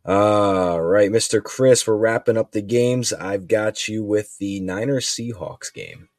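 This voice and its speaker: A man hosting a casual sports podcast, relaxed and steering the talk between segments. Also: on the low side, takes it slowly, no room sound, studio quality. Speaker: podcast host.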